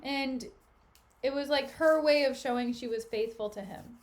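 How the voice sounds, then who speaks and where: Casual woman streamer, high voice, slangy recaps. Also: normal speed. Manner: chatty, slangy, recaps with asides. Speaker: streamer reading a play.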